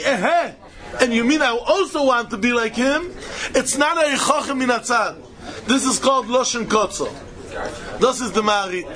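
High-voiced man teaching with a lilt. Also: sharp tone. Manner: emphatic and repetitive, chuckling while explaining. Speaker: Talmud teacher. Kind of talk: Talmud lecture.

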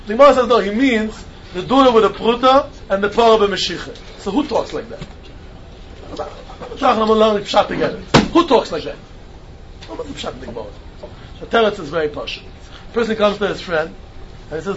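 A man giving an animated Talmud class lecture, mixing Hebrew and Yiddish terms into his English. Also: high voice, fairly quick. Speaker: Talmud teacher. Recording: dull lo-fi recording with faint noise.

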